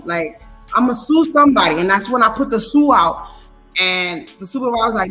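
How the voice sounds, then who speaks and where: A woman telling a long story in casual chat, animated and full of profane slang. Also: on the high side, a little fast, faint music behind.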